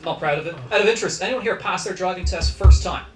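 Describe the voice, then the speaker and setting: A man's voice: sits high, quick pace. A young man with a posh South Dublin accent doing dry, self-mocking stand-up and crowd work in a comedy club. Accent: South Dublin Irish. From South County Dublin, Ireland. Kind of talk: stand-up set. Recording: echoey club from far off, noisy. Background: audience laughter.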